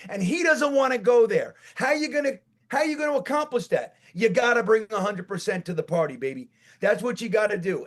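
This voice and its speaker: A man co-hosting a casual sports podcast with a New York accent, talking in an animated, profane rant that builds to shouts. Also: very high-pitched. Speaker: podcast co-host.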